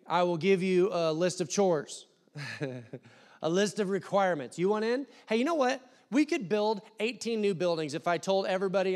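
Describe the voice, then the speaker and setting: A young adult man preaching a sermon, animated, acting out voices and swinging from loud to hushed. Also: high voice. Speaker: pastor. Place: church hall.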